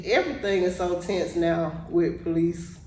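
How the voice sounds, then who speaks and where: A woman podcast co-host telling a story in casual chat, animated and laughing often. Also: fairly low pitch, unhurried, far from the mic. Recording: echoey room, off-mic, faint noise.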